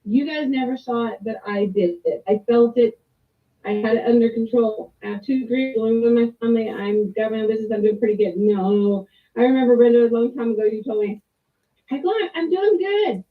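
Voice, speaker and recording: A woman's voice: on the high side, steady tone, fairly quick. A middle-aged woman giving a rambling, candid personal testimony with restarts and mild swearing. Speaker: client sharing a testimonial. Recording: tinny phone-like line, distant from the mic.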